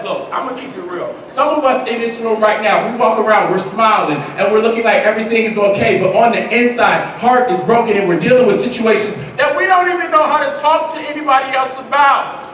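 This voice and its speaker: High-voiced man telling a dramatic story. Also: brisk, few pauses, slight background noise. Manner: animated, dramatic storytelling with bursts of shouting. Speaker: motivational speaker. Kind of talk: storytelling motivational speech. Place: large hall at a conference. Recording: echoey hall from far off.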